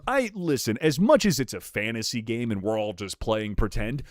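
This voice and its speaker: A man's voice: sing-song, fairly quick, few pauses, dry recording, studio quality. A male streamer in casual chat with his viewers, rowdy, jokey and profane, bursting into rants. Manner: rowdy, profane and jokey, ranting with pitch jumps.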